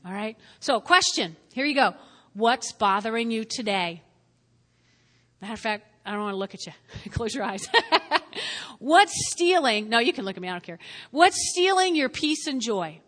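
A middle-aged woman preaching with a high, sharp, bright voice. She is animated, hammers points home by repeating words, and laughs often between lines. Her voice rings out with a long reverb in a church hall. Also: normal speed. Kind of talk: sermon.

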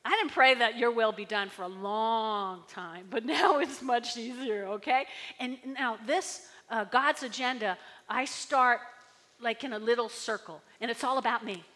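A woman pastor preaches in a bright, lively tone that sits a little high. She keeps asking the congregation to answer back. Her voice rings out with a long hall reverb. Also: unhurried. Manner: chatty, tag questions, audience call-and-response. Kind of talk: sermon.

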